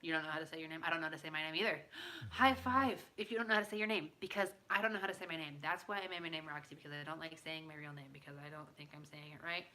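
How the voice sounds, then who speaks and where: A woman's voice: deep voice, rapid-fire, few pauses, sharp tone, a little hiss or hum. A woman hosting a live stream, chatting with viewers in a bubbly, playful way while tired late at night. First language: English. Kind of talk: casual chat with viewers.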